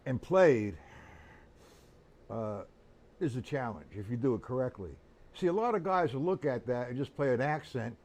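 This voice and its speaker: A man's voice: fairly high pitch, a little mellow. An older man teaching a live-streamed drum lesson, chatty and instructive, calling on viewers by name, with drumming behind him.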